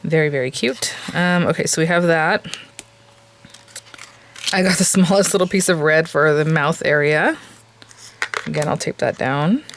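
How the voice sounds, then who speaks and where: A woman's voice: low-pitched, normal speed, pauses often, a little hiss or hum. A woman hosting a papercraft tutorial, chatting casually, thinking aloud with lots of fillers and laughing at herself now and then. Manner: chatty and self-amused, laughs at herself often. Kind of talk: casual craft tutorial chat.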